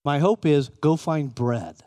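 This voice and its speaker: A man's voice: on the high side, slow pace, mellow, dry recording, clean studio sound. A middle-aged man preaching a conversational sermon, often putting questions to his listeners. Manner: conversational, asks the room questions.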